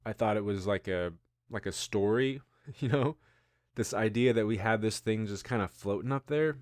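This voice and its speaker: A man's voice: fairly low pitch, normal speed, no echo, clean studio sound. A man in his thirties hosting a casual news-commentary show, rambling and musing with self-deprecating asides. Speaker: host.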